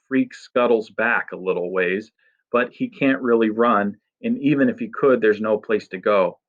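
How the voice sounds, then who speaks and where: A man reading a first-person story aloud in a steady, expressive narration. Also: lowish voice, moderate pace, narrow, tinny audio. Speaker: audiobook narrator.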